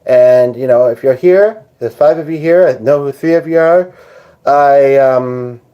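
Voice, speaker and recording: The recording is muffled, and the man's voice runs slightly high. Tired, he hosts a live stream, wandering from topic to topic and joking casually as he answers what viewers post.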